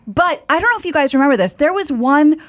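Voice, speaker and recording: A woman co-hosting a casual comedy chat, telling stories playfully with quick interjections. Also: sits high, animated, fairly bright tone.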